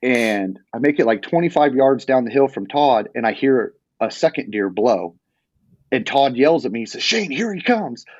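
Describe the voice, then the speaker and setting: Brief: mid-pitched male storyteller, rambling and animated, dry, dull lo-fi podcast sound. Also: normal speed, dry recording. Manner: animated, rambling retelling with many restarts. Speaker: hunting guest telling a story. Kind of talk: casual storytelling.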